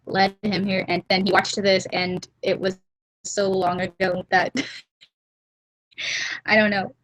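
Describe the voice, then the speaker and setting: A young woman hosting a casual drawing livestream from a warm room at home, rambling and giggly, often trailing off into mumbles, on a laptop webcam mic. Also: medium pitch, flat delivery, slow pace, rough recording. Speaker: livestream host. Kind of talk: casual chat while drawing.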